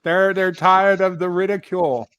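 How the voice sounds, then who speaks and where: A man's voice: high-pitched, fairly even intonation, normal speed, fairly bright tone, clean tone, no echo. A man putting on an exaggerated Australian accent, playing a mock-indignant local who is sick of being ridiculed. He talks in an indignant, jokey way. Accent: put-on Australian.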